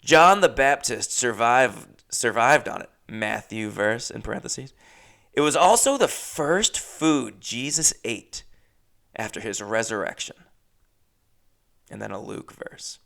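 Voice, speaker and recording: A young man chatting casually on his own from his apartment, rambling through anecdotes with animated jumps in volume. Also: medium pitch, takes it slowly, vocal fry. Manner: rambling, animated storytelling with sudden jumps in loudness. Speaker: comedian podcast host. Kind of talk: casual solo chat. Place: his first-floor apartment.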